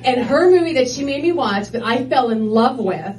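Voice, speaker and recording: A woman's voice: a little high, lively intonation, moderate pace, faint music behind. A woman doing a stand-up comedy set on a club stage, chatty and rambling with lots of filler words. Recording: roomy club from a distance, loud crowd.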